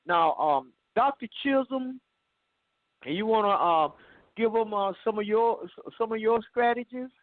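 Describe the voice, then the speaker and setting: High, lively male host on a phone line. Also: a little slow, no room sound. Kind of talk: motivational call interview.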